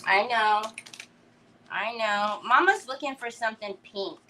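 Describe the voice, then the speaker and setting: High bright-voiced chatty woman. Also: measured pace, slight background noise, rough recording. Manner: chatty and giggly, greets viewers by name. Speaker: host of a live crafting stream. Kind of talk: casual livestream chat while crafting.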